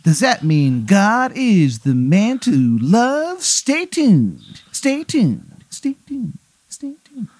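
A man voicing an eerie radio singer and announcer in a high, drawn-out sing-song. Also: wildly swooping pitch, a little mellow, no echo, heavily acted.

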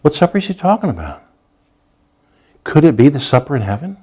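A man preaching a sermon, his voice rising high and loud when he reads scripture and sinking low and quiet when he explains it. He stumbles and repeats words as he talks. He sounds like a pastor speaking to his church. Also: very animated, husky, low-quality recording. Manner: reads scripture aloud in a raised, slowed voice, then drops to a low conversational aside.

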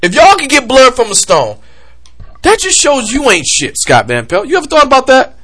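Animated man ranting about sports, bright voice. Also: extremely high pitch, moderate pace. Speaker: podcast host. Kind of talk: comedic sports rant.

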